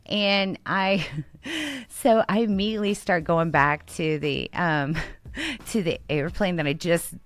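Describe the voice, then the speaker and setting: With a fairly low voice and a slow pace, a radio co-host from Texas shares an amusing travel anecdote in casual conversation on a talk show. She laughs, stays animated, and mimics the dialogue of the people involved, and there's no room sound.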